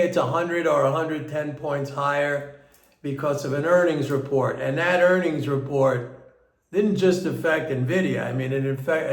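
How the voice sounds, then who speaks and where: Guy rambling slowly about stocks, kinda high voice, echoey room. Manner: unhurried, rambling, with restarts. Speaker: market commentator. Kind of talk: casual market commentary monologue.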